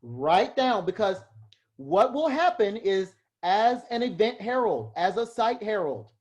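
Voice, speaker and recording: A man giving a casual lecture to a live class on heraldry, chatty and self-deprecating, quick to laugh at himself. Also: high voice, sing-song.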